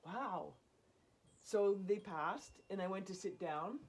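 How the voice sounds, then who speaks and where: A woman casually telling a personal story in an animated way, often laughing and acting out what people said. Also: mid-range voice, unhurried. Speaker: storyteller guest.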